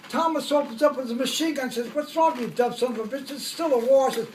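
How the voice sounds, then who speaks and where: A man's voice: very high voice, quick pace, roomy sound, distant mic, background noise. An older man, a war veteran, tells his stories in a rambling way, correcting himself as he goes and chuckling at his own jokes. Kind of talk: oral history storytelling.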